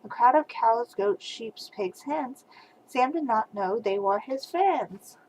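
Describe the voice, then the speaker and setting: An older woman, a grandmother, reading a rhyming picture book aloud to a small child over a webcam, with soft asides between verses. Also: on the high side, lively intonation, slow, a little hiss or hum, rough recording.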